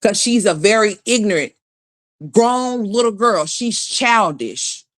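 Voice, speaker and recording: A woman's voice: medium pitch, animated, slow. A woman hosting a livestream, delivering a blunt, scornful, profane commentary rant and greeting chat viewers by name as she goes. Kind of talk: ranting gossip commentary.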